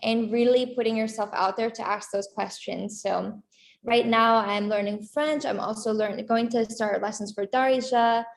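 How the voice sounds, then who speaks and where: A woman co-host with a slightly high voice chats in an upbeat way. She points viewers toward more resources and shares tips. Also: fairly even intonation, moderate pace, creaky. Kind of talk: casual talk-show chat.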